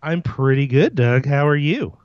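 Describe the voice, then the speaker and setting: A man's voice: fairly high pitch, expressive, moderate pace, darkish tone, smooth, no room sound, muffled recording. A man co-hosting a podcast, telling wry stories in casual chat. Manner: storytelling, wry. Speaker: podcast co-host.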